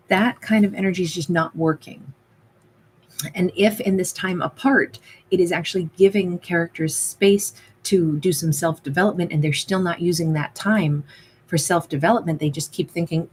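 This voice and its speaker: A woman's voice: fairly low pitch, fairly even intonation, normal speed, darkish tone, slight background noise, low-quality recording. A woman giving a casual tarot reading, talking loosely and acting out what other people might say. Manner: chatty, acts out quoted lines. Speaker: tarot reader.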